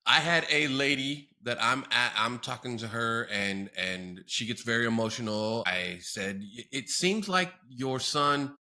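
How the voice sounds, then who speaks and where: A man's voice: mid-range voice, a little slow, few pauses, pushed and bright. A man hosting a podcast, telling a self-deprecating story in casual chat. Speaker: podcast host.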